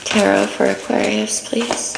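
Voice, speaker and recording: Drawing cards one by one, this tarot reader offers chatty, warm-hearted commentary in a medium-pitched, creaky voice. Her delivery is flat and unhurried, recorded in an echoey space with a little noise.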